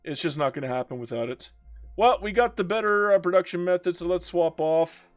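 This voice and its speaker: A man's voice: high-pitched, brisk, soft background music. Weary young man streaming a strategy game. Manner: talks to himself and the game, groaning and joking. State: worn out after many hours of play. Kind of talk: live-streamed strategy gameplay commentary.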